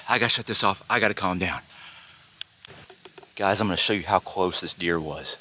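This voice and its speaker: A man filming himself on a hunt from a tree stand outdoors, talking into a handheld camera with bursts of excitement and hushed explanation. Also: normal speed, long pauses. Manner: breathless excited exclamations, then hushed low explanation. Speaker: bow hunter filming himself. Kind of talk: self-filmed hunting vlog.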